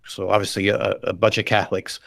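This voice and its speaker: An American man from the West Coast, with a touch of Boston, hosting a casual chat over a video call in a relaxed, rambling way with plenty of fillers. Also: on the low side, brisk, creaky, no room sound. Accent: General American, some Boston. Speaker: host.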